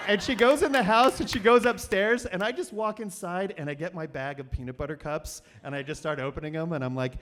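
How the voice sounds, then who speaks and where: A man's voice: a little high, expressive, a little fast, a bit bright. Rambling man telling a stage story. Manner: rambling and self-deprecating, many fillers and restarts. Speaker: storytelling show host. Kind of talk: live comedic storytelling.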